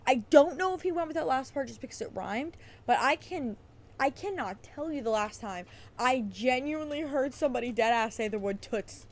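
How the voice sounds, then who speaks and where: A woman's voice: fairly high pitch, animated, moderate pace. A woman hosting a podcast, ranting in a heated, sarcastic way and swearing often. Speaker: podcast host. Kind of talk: casual profane rant.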